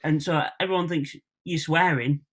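A young man with a Hull accent, guest on a podcast, chatting quickly and laughing often over a video call. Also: fairly high pitch, steady tone. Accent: Hull, Northern English. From Hull, England. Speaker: guest comedian. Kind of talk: casual podcast chat.

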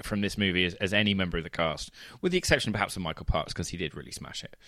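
A British man co-hosting a podcast in casual chat, animated, profane and quick to laugh. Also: low-pitched, no room sound, clean studio sound. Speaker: podcast co-host.

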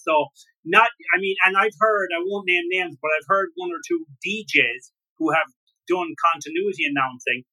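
A man's voice: high-pitched, normal speed, bright, forceful tone, rough recording. A man as an interview guest, candid and opinionated, thinking aloud in casual conversation. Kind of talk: casual conversation about broadcasting.

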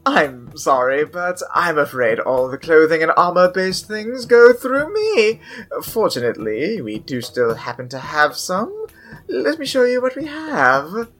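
A conceited male elf armorer, as a woman puts him on, looks down on anyone who wants plainer work. The voice sits low and swings widely, with faint music behind it. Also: very animated, unhurried, a bit bright, full character voice. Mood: haughty. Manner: haughty, disdainful. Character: snobbish male elf armorer, proud of his craft.

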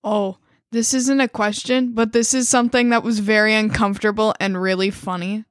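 A young woman co-hosting a casual podcast, tired with a low morning voice, laid-back and full of "like". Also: flat delivery, normal speed, no room sound, clean studio sound. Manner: laid-back, short replies, filler "like". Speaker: podcast co-host.

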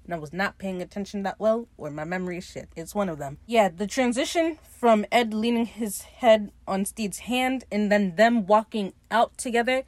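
A woman hosting a podcast, casually recapping a TV episode in an animated, gushing, profane way. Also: mid-range voice, normal speed, few pauses, no echo. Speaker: podcast host.

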